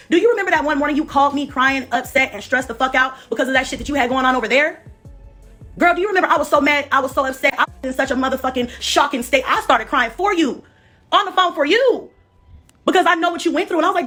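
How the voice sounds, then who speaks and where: A woman's voice: sits high, fast, sharp tone, soft background music. A woman on a livestream, delivering a confrontational, profane rant at a former friend.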